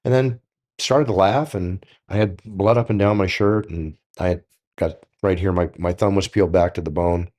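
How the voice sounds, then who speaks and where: An older man telling stories on a podcast in a casual, animated way, acting out the dialogue. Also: sits low, normal speed. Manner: animated, acts out quoted dialogue. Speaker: guest storyteller.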